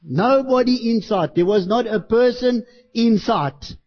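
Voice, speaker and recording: A man with a high voice preaches a sermon to his church, impassioned, rising at times into full shouts. The recording is dull and lo-fi. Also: unhurried. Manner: impassioned, bursts into shouting when acting out street preaching.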